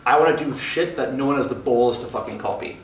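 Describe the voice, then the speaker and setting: A man's voice: medium pitch, slight background noise. Cocky guy swearing a lot, echoey room, mic kinda far off. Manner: brash, profane, fast-talking. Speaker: fitness business mentor. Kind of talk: mastermind group talk. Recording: roomy sound from a distant mic.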